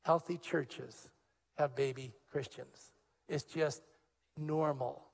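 An older man delivers a sermon as a pastor. His voice sits a little high for a man. He tells stories with animation, acting out the dialogue, and then moves into teaching. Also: slow, creaky, in a large hall. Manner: animated storyteller, acts out quoted dialogue. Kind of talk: sermon with personal storytelling.

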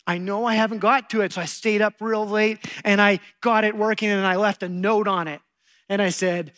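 Delivering a sermon, this middle-aged preacher talks a little fast in a voice that sits high. He brings his stories to life with animation, performing the quoted lines.

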